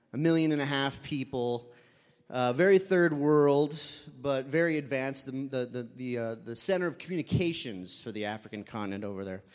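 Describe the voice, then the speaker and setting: A man's voice: mid-range voice, clean tone, long reverb tail. A man telling a personal story live, casual and conversational with fillers, sometimes acting out voices.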